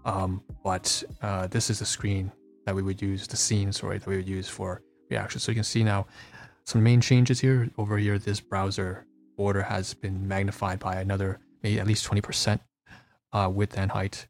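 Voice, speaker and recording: A man streamer talking casually through a screen-share walkthrough, halting and often restarting and correcting himself, stressed and feeling dissociated. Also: low voice, flat delivery, gravelly.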